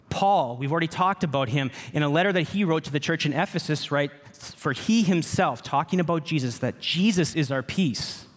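A man in his thirties, a pastor preaching a sermon in an earnest, personal way. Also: fairly high pitch. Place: church sanctuary. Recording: reverberant church hall.

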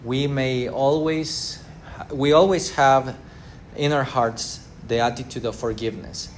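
Halting man teaching a Bible class. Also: medium pitch, steady tone, a little hiss or hum. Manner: halting, many fillers, acts out everyday quotes.

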